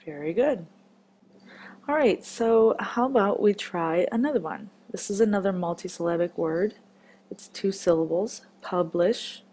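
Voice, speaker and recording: A woman's voice: fairly low pitch, a little slow, dark tone. A woman teaching a children's phonics lesson, patient and encouraging as she marks words step by step.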